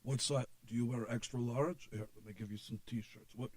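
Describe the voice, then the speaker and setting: A man imitating a blunt, self-important older male rock star in a low, quiet, unhurried voice. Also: fairly even intonation, lightly acted. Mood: generous.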